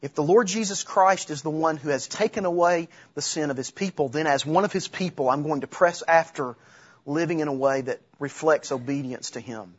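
A middle-aged man delivers a sermon in a husky, slightly high voice. He preaches conversationally, with restarts and light humor, and the recording sounds dull and lo-fi. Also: moderate pace. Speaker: pastor.

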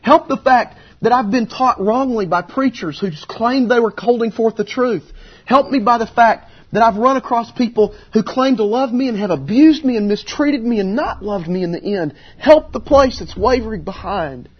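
A desperate, pleading father, put on by a preacher pours out his plea in a raised, husky voice. The sound is dull and lo-fi, like an old sermon tape. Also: high voice, lively intonation, unhurried, voice pushed up, heavily acted. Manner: raw, pleading, rising intensity.

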